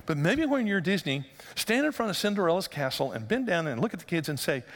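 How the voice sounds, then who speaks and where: A man preaching a sermon as pastor, conversational and joking, then rising to loud emphatic passages. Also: high voice, sing-song, quick pace, in a large hall.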